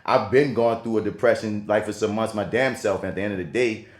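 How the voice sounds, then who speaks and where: A man's voice: lowish voice, fairly even intonation, fast. A man co-hosting a podcast in casual chat, telling stories with heavy slang and plenty of swearing. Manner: profane, emphatic slang-heavy storytelling. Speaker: podcast co-host. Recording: roomy echo.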